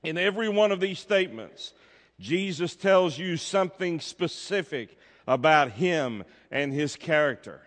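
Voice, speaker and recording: A man's voice: a little high, lively intonation, a little slow, a bit bright. A man preaching a sermon as pastor, emphatic, drawing out his key words. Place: church sanctuary. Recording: long reverb of a church hall.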